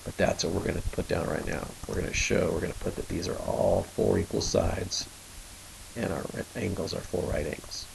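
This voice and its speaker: A man's voice: sits low, brisk, gravelly, a little hiss or hum, rough recording. A man explaining a math problem in a screencast lesson, talking it through step by step as he draws and sometimes stopping to correct himself. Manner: steady explaining, thinking aloud while drawing. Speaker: math teacher.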